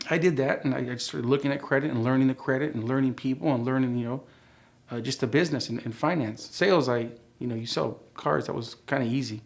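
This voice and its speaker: A man's voice: mid-range voice, creaky. Reflective man in his forties telling stories. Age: 40s. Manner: acts out quoted dialogue with lively shifts, conversational and reflective. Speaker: interviewee sharing his life story. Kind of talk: relaxed storytelling interview.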